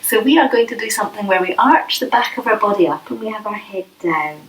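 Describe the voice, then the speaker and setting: A woman leading a yoga class for children, speaking gently and playfully with coaxing questions. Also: medium pitch, expressive, fast. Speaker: yoga teacher. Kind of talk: guided kids' yoga class. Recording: echoey room, voice from a distance.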